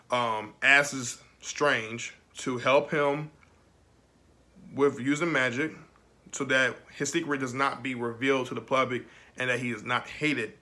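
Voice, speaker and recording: Bright-voiced young man rambling through a review. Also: mid-range voice. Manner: rambling and emotional, laughs often. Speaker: film reviewer. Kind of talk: casual video review.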